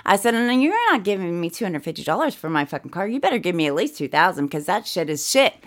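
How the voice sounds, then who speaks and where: A woman's voice: on the low side, big pitch swings, fast, a bit bright. A middle-aged woman co-hosting a podcast, telling a story in a blunt, profane way and acting out each person's voice. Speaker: podcast co-host. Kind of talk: animated storytelling chat.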